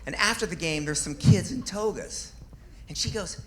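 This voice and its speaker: A man's voice: sits high, normal speed, fairly bright tone, slight background noise. A man in his fifties doing a stand-up comedy set on a club stage, delivering self-deprecating punchlines with little chuckles.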